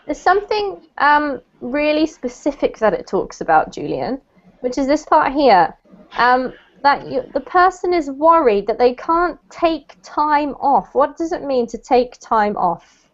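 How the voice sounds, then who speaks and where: Woman, English teacher, patient explanations, high-ish voice, muffled call audio. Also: sing-song, unhurried. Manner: patient, explains pronunciation step by step. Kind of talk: online language lesson.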